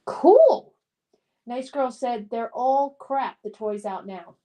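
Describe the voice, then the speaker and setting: A woman's voice: fairly high pitch, a little slow, warm tone. A middle-aged woman hosting a live stream. She reads viewer comments aloud and chats back in a nostalgic, upbeat way, with frequent fillers. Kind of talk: casual live-stream chat.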